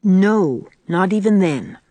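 A woman reading the part of an earnest young female student in a storybook, speaking in a measured, gently reproving way. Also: mid-range voice, expressive, no echo. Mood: gently firm.

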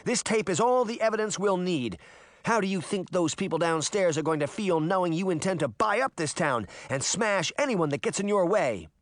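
A man's voice: high voice, expressive, moderate pace, no room sound, clean studio sound, voice pushed up. A man voicing a bold young girl in an audiobook, urgent and defiant. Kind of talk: audiobook character reading.

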